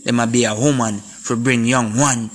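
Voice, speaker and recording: Forceful Jamaican man preaching. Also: medium pitch, fairly even intonation, moderate pace. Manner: preachy, repetitive, speaking in Jamaican patois; forceful and confrontational. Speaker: vlogger. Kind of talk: impassioned monologue to camera.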